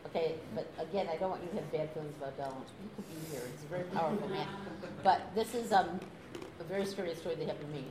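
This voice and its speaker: An older woman telling a story in a relaxed, animated way, laughing now and then and acting out quoted lines. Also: low voice, quick pace, a crowd in the background. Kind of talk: casual anecdote telling. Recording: echoey room with noise.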